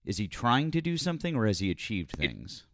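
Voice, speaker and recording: A man's voice: lowish voice, sing-song, brisk, fairly bright tone, slight background noise. A man hosting a live political call-in show, mocking and needling a caller and repeating himself. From Massachusetts. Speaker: political talk show host. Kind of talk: heated live call-in debate.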